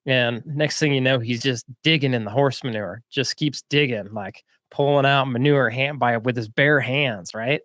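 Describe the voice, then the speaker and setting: A laid-back man telling a story on a business podcast, chatty and loose, with filler words throughout. His voice sits at an ordinary pitch, recorded close and dry with no room sound. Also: normal speed, few pauses, no room sound. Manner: relaxed, chatty, lots of "like" and "right?". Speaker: podcast host. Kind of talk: casual storytelling. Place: lives in Florida.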